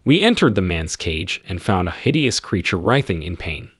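A man narrates in a low, slightly husky voice, his pitch rising and falling with real movement. He sounds close and dry, no room around him. His telling stays earnest and solemn throughout. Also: very animated, normal speed, a bit bright, no room sound. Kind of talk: scripted spiritual narration.

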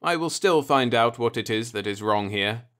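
A man's voice: mid-range voice, lively intonation, normal speed, a bit bright, close to an everyday voice. A man reading the part of a curious, insistent human envoy in an audiobook, asking pressing questions. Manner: pressing, questioning, rising to alarm.

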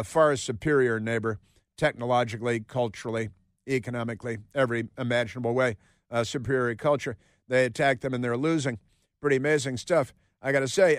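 A man's voice: medium pitch, no echo. A man hosting a talk radio show, delivering a sarcastic, rambling opinion monologue in a studio. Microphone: studio microphone.

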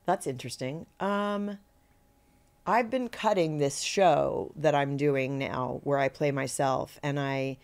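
A woman's voice: low voice, takes it slowly. A middle-aged woman, a guest actor, telling anecdotes in an interview and acting out the voices of people she quotes. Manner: animated storyteller who acts out quoted voices.

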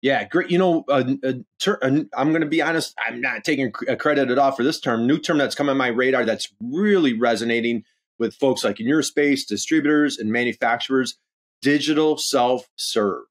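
A man talking as a guest on a business podcast, eager and rambling, with plenty of fillers. His pitch sits in an ordinary middle range for a man. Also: a little fast. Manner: enthusiastic, rambling, heavy use of "you know" and "uh". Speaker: podcast guest, e-commerce consultant. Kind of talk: conversational interview.

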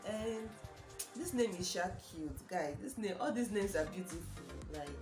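A young woman with a Nigerian accent talks to camera in an excited, gushing way, repeating herself and exclaiming often. Her voice sits at an ordinary middle pitch. The room is roomy and echoey, with music playing clearly behind her. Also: normal speed. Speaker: vlogger. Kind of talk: casual chat to camera.

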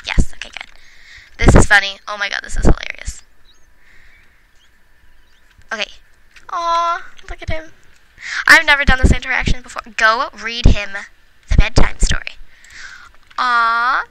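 In a noisy home recording, a woman with a high-pitched voice and lively intonation narrates a let's play at a measured pace with long pauses. She comments casually and giggly on the gameplay, even addressing the characters directly.

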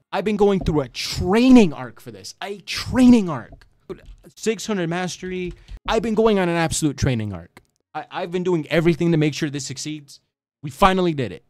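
Excitable young man narrating his gameplay. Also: on the high side, no echo, clean studio sound. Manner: excitable, talks to the enemy, frequent exclamations. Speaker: gaming YouTuber. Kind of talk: gameplay commentary.

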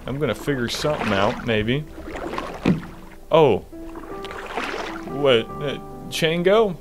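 A young man giving casual, jokey gameplay commentary, rambling and laughing often. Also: medium pitch. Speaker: gaming video host.

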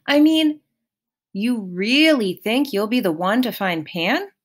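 A woman voicing a blunt, joking boy, asking wry, offhand questions in a slow storybook reading. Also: fairly high pitch, lively intonation, pitched above the performer's own voice.

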